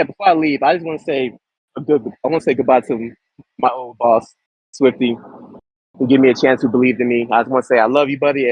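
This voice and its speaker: A man's voice: medium pitch, slightly rough, no echo, muffled recording. A young man giving a casual wrestling-style interview, eager and slangy, laughing as he talks. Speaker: wrestling roleplayer in a post-draft interview.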